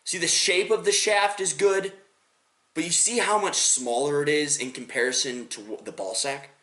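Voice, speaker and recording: A man's voice: on the high side, moderate pace, bright, forceful tone, voice pushed up. A man voicing a fussy, earnest male instructor giving a critique, in a roomy recording.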